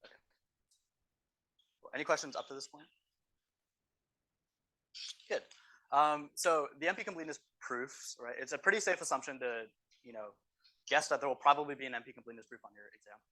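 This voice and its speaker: Man, teaching assistant, classroom exam review, rapid pace, bright tone, explanatory. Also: mid-range voice. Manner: explanatory, tags statements with "right?". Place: university classroom.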